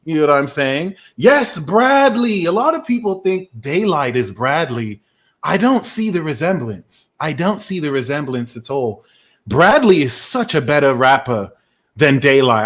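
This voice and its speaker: A man's voice: medium pitch, natural voice. A man doing a cocky British tarot reader. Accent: put-on British, Americanized. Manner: cocky, teasing, rambling with fillers. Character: boastful British male tarot reader alter ego. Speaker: tarot reader, livestream host. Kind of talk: comedic live-stream persona and tarot reading.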